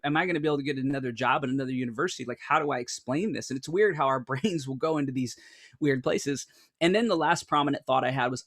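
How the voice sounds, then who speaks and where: A man in his thirties telling a group an earnest personal story, animated and full of restarts and "like". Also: on the high side, dry recording, studio quality. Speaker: speaker.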